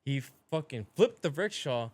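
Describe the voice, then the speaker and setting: A man's voice: on the high side, moderate pace, no room sound. Profane Brazilian man telling stories. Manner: profane, animated, acts out quoted voices. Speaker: podcast guest. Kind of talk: casual storytelling.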